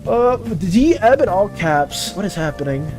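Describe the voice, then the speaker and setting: Flustered streamer who trips over words; bouncy, animated delivery, faint music bed. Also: medium pitch, a little slow. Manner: stammering, repeats words, flustered and defensive. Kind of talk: casual live-stream chat while drawing.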